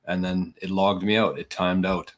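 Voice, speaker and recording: A man's voice: low voice, little pitch movement, moderate pace. A man hosting a live podcast stream, chatting casually and scattered, a little out of breath and poking fun at himself. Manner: scattered, self-mocking, talking to viewers. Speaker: podcast host.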